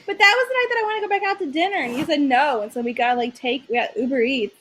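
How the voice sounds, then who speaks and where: A woman's voice: high-pitched, fast talker, fairly bright tone. A woman co-hosting a podcast in casual chat, insistent and often talking over her co-host.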